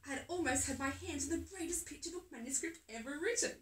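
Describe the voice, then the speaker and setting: A woman's voice: high-pitched, fast, distant mic, pitched above the performer's own voice, natural voice. A woman reading aloud and voicing a gloating male villain bunny in a storybook. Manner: gloating, cackling. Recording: echoey room, phone held away.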